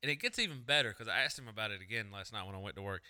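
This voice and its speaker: Young male podcast co-host, bright crisp tone, crude casual storyteller who does voices. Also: fairly low pitch, rapid-fire. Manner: crude, swears freely, acts out coworkers' voices.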